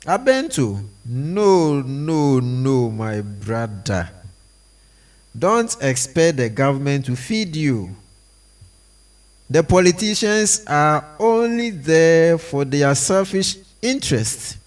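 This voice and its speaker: Man, play read aloud, very slow pace, deliberate, reads all parts and directions. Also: on the high side, sing-song. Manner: slow, deliberate reading of every part and stage direction. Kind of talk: reading a play script aloud.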